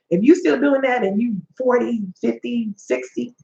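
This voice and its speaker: In an echoey, dull room with slight background noise, a forties-aged woman who works as a life coach and host delivers a preachy, story-filled motivational talk. Her voice is on the high side, gravelly and warm, at a moderate pace, and she's sassy, acting out the quotes in her stories.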